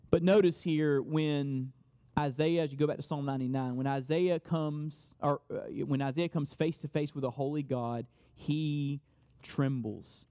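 A man with a high voice preaches a sermon, leaning hard on key phrases and saying them twice. His voice rings out with a long, lingering reverb, as if he stands in a large hall. He talks to the room as its pastor. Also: animated, darkish tone. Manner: emphatic, repeats key phrases, quick asides.

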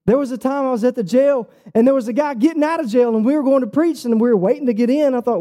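A man preaching a sermon, telling stories with quoted dialogue in a casual, lively way. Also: extremely high pitch, fast, hardly any pauses. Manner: animated storytelling with quoted dialogue; casual, says "bro" and "like". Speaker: pastor.

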